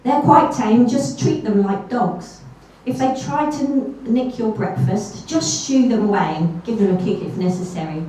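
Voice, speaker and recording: A man's voice: high-pitched, moderate pace, few pauses, mellow, a little hiss or hum, natural voice. Woman doing a breezy helpful postman. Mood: reassuring. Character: friendly local male postman giving advice. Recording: echoey hall from far off.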